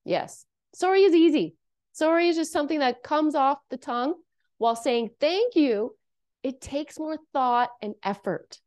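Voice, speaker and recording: A woman from Canada speaks straight to her listeners in a casual self-help monologue. Her voice sits a little high, and she talks earnestly, coaching them and checking in with "okay?" and "right?". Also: expressive, a little slow, darkish tone.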